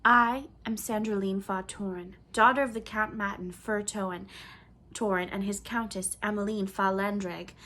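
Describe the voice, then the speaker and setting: A woman's voice: medium pitch, steady tone, moderate pace, bright, forceful tone, natural voice. A woman voicing a bold, cheerful noble young girl who speaks firmly and proudly, in a storybook reading. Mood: haughty. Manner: firm, proud, playful.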